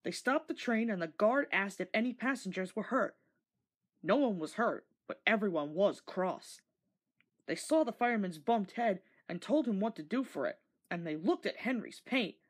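A woman narrating a storybook read-along, gentle and expressive with a breathy voice. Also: mid-range voice, normal speed.

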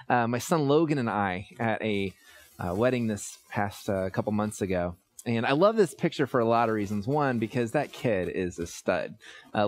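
A man in his thirties, a church pastor, preaching a sermon in a conversational, storytelling way with frequent fillers. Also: mid-range voice.

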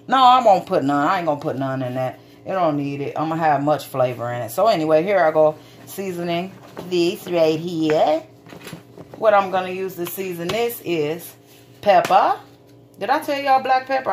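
A woman's voice: lowish voice, expressive, normal speed, slight background noise. A woman giving a casual cooking demonstration in her home kitchen, chatting folksily with her viewers and swearing now and then.

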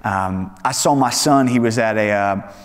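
A man's voice: lowish voice, a little slow, in a large hall. A man in his thirties preaching a casual sermon to young adults, talking conversationally and telling stories with lots of fillers and restarts. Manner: conversational, animated storytelling with many fillers and restarts. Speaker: pastor leading a young adults Bible study.

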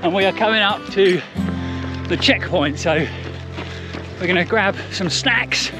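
A man with a noticeably high voice gives chatty, upbeat running commentary for his vlog. He talks on the move, outdoors on mountain trails during a race, with faint music behind him. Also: unhurried.

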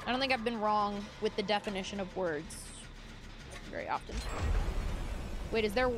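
A woman's voice: medium pitch, normal speed. A young woman livestreaming, chatting casually with her viewers, giggling often and swearing lightly.

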